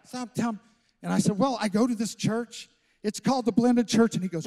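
A man, a pastor, telling a story in a sermon, acting out the voices and swinging from loud to hushed. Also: sits high, fast talker, creaky. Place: church stage.

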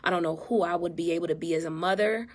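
A married mother who works as a therapist and vlogger speaks earnestly and emotionally in a casual phone live stream. Her voice sits on the low side and moves at a quick pace, and her tone is heartfelt.

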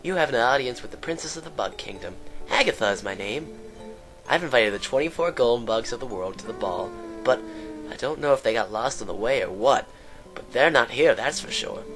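A man's voice: medium pitch, lively intonation, fairly quick, music in the background, close to an everyday voice. A man voicing a creepy, bug-obsessed young princess girl in his game commentary, gushing in a breathless, sing-song squeal. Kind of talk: let's play commentary with a put-on voice.

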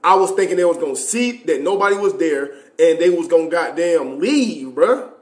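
A man's voice: on the high side, animated, moderate pace. A young man telling a loose, profane, slang-filled story on a casual livestream. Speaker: streamer. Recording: echoey room.

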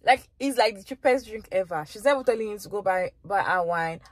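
A woman's voice: mid-range voice, lively intonation, fairly quick, no echo. A woman vlogger giving reaction commentary in an emphatic way, repeating phrases for effect.

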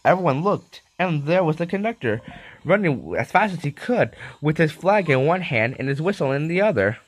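A man reads a children's train story aloud in an animated storytelling manner. His pitch rises and falls a lot as he narrates. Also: moderate pace, husky, no echo.

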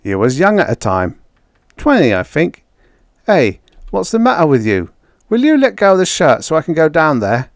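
A man voicing a burly male convict who growls his words in rough, slangy speech. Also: on the high side, huge pitch swings, normal speed, dry recording, studio quality, pitched above the performer's own voice. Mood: impatient. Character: gruff burly male convict, blunt and impatient.

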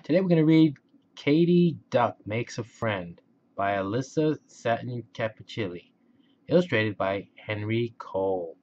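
A man reading a children's picture book aloud in a gentle, expressive way. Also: mid-range voice, a little slow, slight background noise. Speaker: storybook reader. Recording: dull lo-fi recording.

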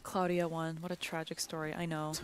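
A woman's voice: deep voice, flat delivery, a little fast, smooth. A woman from Canada, a community manager chatting casually while streaming a video game, playful and giggly, sometimes dropping to a whisper. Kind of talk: casual gameplay chat.

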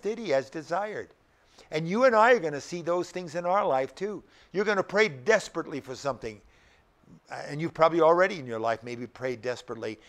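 A man's voice: fairly high pitch, fairly bright tone. An older male pastor preaching a sermon, emphatic and often putting rhetorical questions to the congregation.

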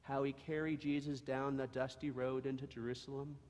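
A man reading a storybook aloud to children in church, expressive and gentle, then leading a prayer. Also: medium pitch, moderate pace. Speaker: church leader giving children's message. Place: church sanctuary. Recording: long echo of a church sanctuary.

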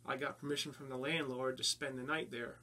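A man from New Jersey with a North Jersey accent, a paranormal investigator telling of his investigations in a halting way with many fillers. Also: mid-range voice, flat delivery, sharp tone. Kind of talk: casual interview talk.

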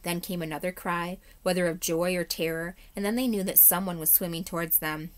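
A woman, a third-grade teacher, reading a chapter book aloud in a steady, measured way. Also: on the low side.

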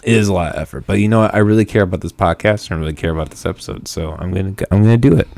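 Young guy hosting a podcast, deep voice, jokey and self-mocking, dry close mic. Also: rapid-fire, vocal fry, a little mellow, no echo. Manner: joking and self-mocking, laughs often. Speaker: podcast host. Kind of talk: casual chat. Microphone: studio mic with headphones.

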